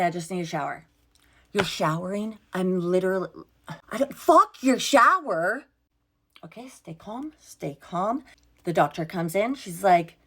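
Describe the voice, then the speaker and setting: A young woman telling a storytime vlog in a casual, exasperated way, swearing freely and acting out what everyone said. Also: medium pitch. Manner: exasperated, swears freely, quotes herself and others.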